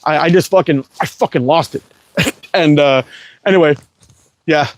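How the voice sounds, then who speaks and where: A man's voice: a little high, moderate pace, dry recording. A man telling a long, rambling, profanity-heavy story in a casual livestream chat. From Canada. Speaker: livestream host.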